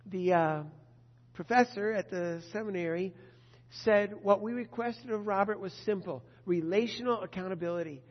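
An older preacher with a husky, slightly breathy voice, delivering a sermon in a lively storytelling manner and slipping into the voices of the people quoted. The sound is muffled and carries a long echo, as if recorded in a large hall. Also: medium pitch, normal speed. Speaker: pastor. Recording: dull echoey hall sound.

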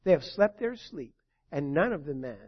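A man preaching a sermon and reading scripture, swinging between loud proclamation and quiet asides. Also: fairly high pitch, animated, normal speed, husky. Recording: dull lo-fi recording.

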